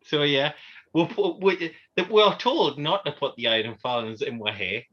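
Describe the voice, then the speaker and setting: A man's voice: fairly high pitch, normal speed, highs cut off, slight background noise. A man co-hosting a podcast in casual chat, joking, laughing often and tagging questions onto his remarks. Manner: jokey, laughs often, adds tag questions. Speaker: podcast co-host.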